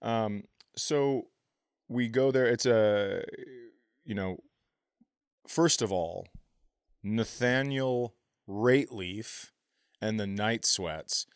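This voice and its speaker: A man co-hosting a comedy podcast, telling rambling stories and sometimes bursting into loud impressions. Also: on the low side, extremely slow, long pauses, smooth, no room sound, clean studio sound. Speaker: podcast co-host. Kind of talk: casual comedy podcast chat.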